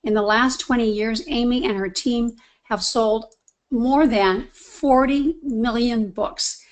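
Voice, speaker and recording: A woman's voice: a little high, slow. Enthusiastic woman hosting a webinar. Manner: effusive, enthusiastic praise. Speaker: webinar host. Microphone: video call.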